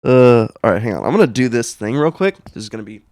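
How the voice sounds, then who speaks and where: A man co-hosting a casual podcast, making crude jokes and quick asides. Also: mid-range voice, very animated, darkish tone, no echo, clean studio sound. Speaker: podcast co-host.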